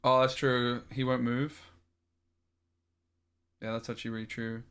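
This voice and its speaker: A man's voice: mid-range voice, level tone, unhurried, a bit bright, clear, resonant tone. A man streaming a card game, thinking aloud in a frustrated way and swearing often. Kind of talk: live-streamed gameplay commentary.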